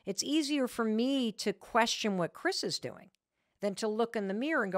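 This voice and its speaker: A woman's voice: fairly high pitch, lively intonation, moderate pace, no room sound, clean studio sound. A woman hosting a podcast, giving a motivational talk and telling her own stories with emphatic, self-mocking candor, repeating her key points. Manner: candid with mild profanity. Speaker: podcast host.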